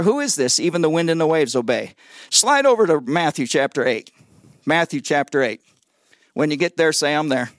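A man preaching a sermon in a high voice, recorded dry and close. He mixes scripture reading with jokes. He often trips over repeated words and asks the congregation to answer him. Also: no room sound. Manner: lively and joking, calls on the congregation for responses; stumbles and repeats words when excited. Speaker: guest pastor. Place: church service before a congregation.

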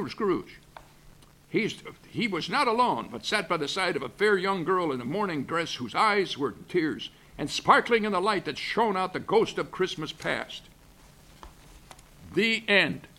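A man playing a grumpy curmudgeon who reads a holiday story aloud with gruff asides and chuckles. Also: sits high, sharp tone, exaggerated voice. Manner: gruff asides, chuckling, stumbling over words. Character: grumpy Scrooge-loving male curmudgeon reading a story. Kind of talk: comic reading of a holiday story. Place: backstage at a museum.

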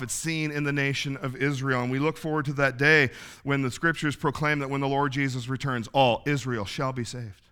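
A male pastor delivers a sermon in a relaxed, folksy storytelling manner. His voice is bright and forward, and he laughs softly now and then as he talks. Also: mid-range voice, smooth. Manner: folksy storytelling, chuckles often.

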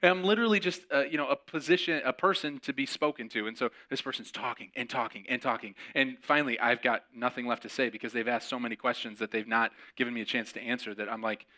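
Guy preaching on his podcast, tells a story, bright voice, does all the voices. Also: medium pitch, quick pace, few pauses. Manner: animated, acts out quoted voices. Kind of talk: storytelling sermon.

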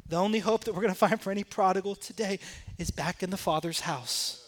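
A man preaching a sermon as pastor, moving between quiet, intense passages and rising, emphatic questions. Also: sits high, fairly quick.

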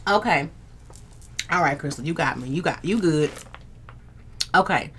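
A woman's voice: sits low, expressive, unhurried, a little hiss or hum. A young woman hosting a casual livestream, bantering with viewers, reading their comments aloud and laughing often. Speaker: livestream host. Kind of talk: casual live chat.

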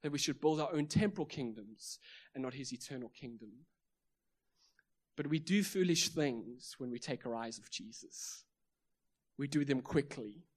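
A man's voice: medium pitch, normal speed. A South African man with a South African accent preaching a sermon, emphatic, with repeated phrases and rhetorical questions. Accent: South African English. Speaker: pastor.

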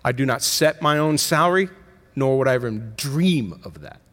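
A middle-aged man delivers a sermon from the pulpit. His pitch sits in a middling range, and his delivery stays conversational, pushing up in emphasis and catching itself mid-phrase before pressing on. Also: expressive, moderate pace, fairly bright tone. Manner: conversational preaching with emphatic rises and self-corrections. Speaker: pastor.

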